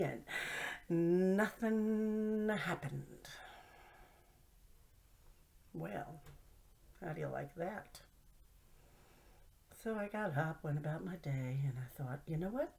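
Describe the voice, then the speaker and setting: A middle-aged woman with a fairly low voice tells humorous stories about herself. Her delivery is playful and self-mocking, and she slips into whispered asides. She sounds like she is gently teasing herself. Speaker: host. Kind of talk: humorous storytelling monologue.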